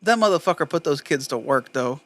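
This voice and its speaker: A man's voice: fairly high pitch, expressive, a little fast, fairly bright tone, dry recording. A man co-hosting a comedy podcast, joking crudely in casual banter. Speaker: podcast co-host. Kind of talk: casual chat.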